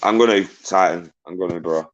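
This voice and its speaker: A man with a low, deep voice hosts a livestream, reading chat messages aloud and giving shout-outs. He rants in an agitated way and swears freely between greetings to viewers. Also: brisk, muffled recording.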